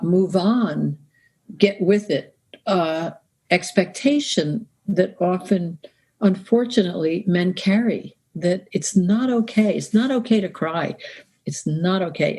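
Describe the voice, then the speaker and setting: A woman guest, a grief counselor, speaking in a calm, measured, reflective way on a podcast. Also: on the low side, breathy edge. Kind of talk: conversational podcast interview.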